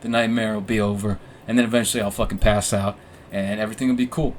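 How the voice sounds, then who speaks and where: A man's voice: lowish voice, little pitch movement, quick pace, slight background noise. A young man hosting a casual podcast, telling a long personal story in a rambling, profane, self-mocking way, full of restarts and fillers. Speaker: podcast host. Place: room with warm orange lighting.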